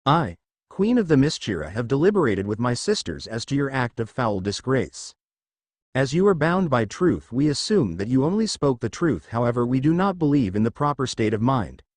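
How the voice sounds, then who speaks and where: A commanding warrior queen formally delivers her verdict, read by a man. Her lines rise and fall in a lively way, and the sound is dry and close. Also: medium pitch, normal speed, no echo. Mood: stern. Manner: formal, pronouncing judgment. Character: stern commanding warrior queen, older woman.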